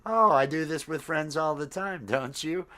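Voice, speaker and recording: A man's voice: a little high, normal speed, sharp tone, pitched above the performer's own voice. A man putting on a smarmy male predator who coaxes a newcomer in a mock-casual voice. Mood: sleazy coaxing.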